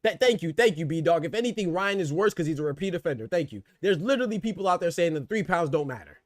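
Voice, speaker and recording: A man with a somewhat high voice hosts a boxing livestream and rants back at his chat. He mocks them, stumbles over words and repeats himself as he gets heated. The sound is dry and close to the mic. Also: expressive, quick pace, dry recording. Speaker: boxing commentary livestream host. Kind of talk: livestream rant answering chat.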